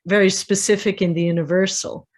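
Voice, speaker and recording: An Irish woman in middle age chats about literature in an animated, storytelling way. She slips into other people's pub talk as she goes, and her pitch sits in a middle register. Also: a little fast. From Ireland. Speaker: podcast guest. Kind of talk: casual literary discussion.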